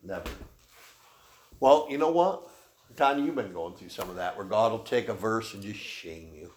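A male pastor leads a folksy, conversational Bible lesson in a church room, responding to questions from those gathered. His voice is lowish, expressive and darkish, at a normal speed, recorded in an echoey space with slight noise.

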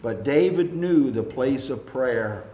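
Male preacher, unhurried sermon delivery that swells at the peaks, echoey room. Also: lively intonation, mellow. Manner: slow, deliberate preaching that rises in pitch and force at climaxes.

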